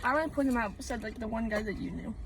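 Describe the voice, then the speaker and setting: A woman's voice: on the high side, rapid-fire, a crowd in the background. A teenage girl co-hosting a casual podcast, chatting in slang and calling people "bro.". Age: teens. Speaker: podcast co-host. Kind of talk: casual chat. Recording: distant mic with clear background noise.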